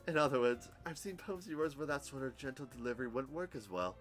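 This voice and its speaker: A man's voice: mid-range voice, lively intonation, quick pace, soft background music, pitched above the performer's own voice, natural voice. A man voicing a poised teenage girl club president with an odd English-American hybrid accent and a refined manner. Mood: advising. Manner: refined, sophisticated.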